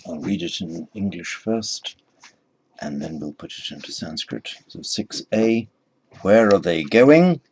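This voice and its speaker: Slow, patient male Sanskrit teacher. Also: low voice, animated, darkish tone, a little hiss or hum. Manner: slow, patient, repeats each phrase for the learner. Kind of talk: recorded language lesson.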